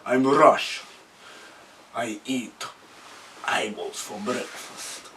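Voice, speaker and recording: A man's voice: medium pitch, drawn-out words, pushed and bright, recorded from a distance, slight background noise, pitched below the performer's own voice. A young man putting on a mock Russian accent to play a menacing tough guy.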